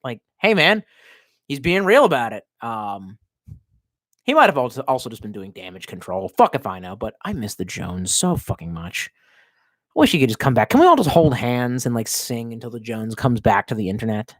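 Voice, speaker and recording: A man from the States streaming from his home basement, his pitch swinging widely as he rants. He swears freely, argues with himself, and bursts into yells, with a dry, close sound. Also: very animated, normal speed, no echo. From United States. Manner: profane, ranting, talks to himself, sudden yells. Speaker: live streamer reading chat. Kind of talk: profane rambling stream chat.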